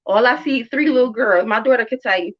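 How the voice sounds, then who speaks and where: A woman around thirty hosts a casual chat and tells a story about parenting. Her voice sits a little high, and the lo-fi recording sounds muffled. She talks bluntly and emphatically, with lots of swearing and repetition. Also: fairly quick. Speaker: podcast host and mother.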